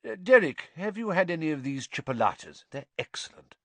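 A man voicing a cheerful, kindly old male headmaster who speaks in a genial, gentle way. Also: fairly high pitch, very animated, a little fast, no room sound, voice pushed up, heavily acted. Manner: genial, mildly raised, gentle.

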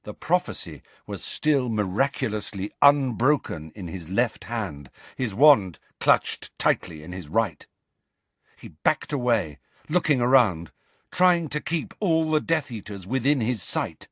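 A man narrating an audiobook in an expressive, dramatic storytelling manner. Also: medium pitch, measured pace, no room sound.

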